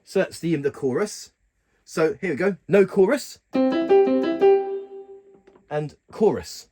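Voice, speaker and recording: A man giving a casual keyboard tutorial, talking haltingly and often stopping to correct himself. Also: on the high side, animated. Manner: halting, stops to correct himself mid-sentence. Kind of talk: casual demonstration walkthrough. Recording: loud keyboard music over the voice. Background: keyboard sounds being demonstrated.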